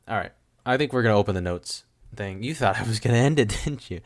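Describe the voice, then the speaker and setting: A man's voice: on the low side, lively intonation, quick pace, no room sound, clean studio sound. A young man hosting a solo podcast, rambling and sarcastic, often cutting himself off mid-thought. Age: young adult. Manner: rambling, sarcastic, self-interrupting. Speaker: podcast host. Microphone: studio mic with windscreen.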